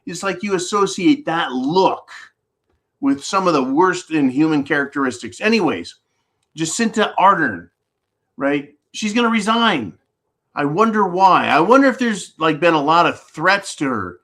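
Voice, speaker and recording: Fired-up ranting man with a higher voice. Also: measured pace. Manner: animated, ranting and profane. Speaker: host of a preparedness channel. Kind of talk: live-stream commentary.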